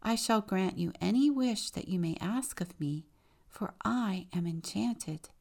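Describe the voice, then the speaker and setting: A woman voicing a small enchanted female wren that speaks gently and kindly. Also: medium pitch, animated, unhurried, creaky. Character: high bright enchanted little female wren.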